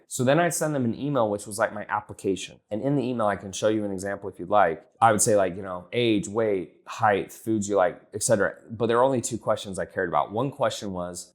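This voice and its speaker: A blunt young man coaching someone on sales in a loose, casual way. His voice sits fairly low, and he swears without a second thought. When he acts out chats and texts, he lifts his voice into a brighter, higher tone. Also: quick pace, hardly any pauses. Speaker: business coach.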